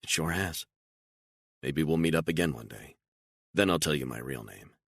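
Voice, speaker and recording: A man doing a terse, low-voiced operative. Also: creaky, dry recording, clean studio sound, heavily acted. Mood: calm. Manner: terse, calm, measured. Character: calm, guarded male operative, low-key.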